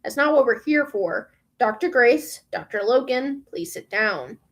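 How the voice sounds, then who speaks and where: A woman reading aloud the lines of a cool, commanding female official, calm and curt. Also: a little high, measured pace.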